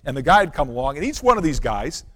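A male pastor preaching a sermon built around a personal story, swinging from loud, animated passages to hushed, quiet ones. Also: on the high side, fast talker. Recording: long reverb of a large hall.

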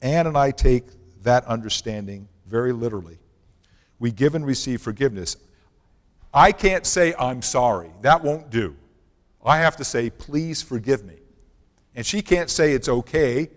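A middle-aged male pastor preaching a sermon in a conversational way, sometimes dropping his voice very low for emphasis. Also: expressive, moderate pace. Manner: conversational preaching, drops to near-whisper for emphasis. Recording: long hall reverb.

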